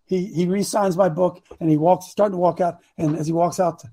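A man preaching a story-driven sermon, animated and bursting into shouts for emphasis. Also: high-pitched, fairly quick.

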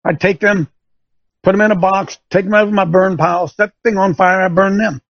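A man's voice: high voice, fairly even intonation, a little fast, dry recording, lo-fi sound. A middle-aged man hosting a show, telling a folksy story and turning it into an emphatic sermon-like lesson for listeners. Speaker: show host. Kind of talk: preaching radio monologue. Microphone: studio microphone.

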